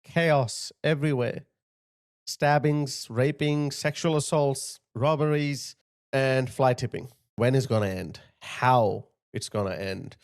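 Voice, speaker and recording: A man's voice: medium pitch, slow. Indignant man commenting over clips. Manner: indignant, repeats "look at this". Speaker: channel host.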